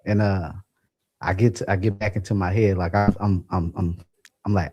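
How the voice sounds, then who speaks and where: Animated laughing man telling a story. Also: deep voice, normal speed, lo-fi sound. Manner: animated, laughing, acts out quotes. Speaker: podcast co-host. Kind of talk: casual storytelling.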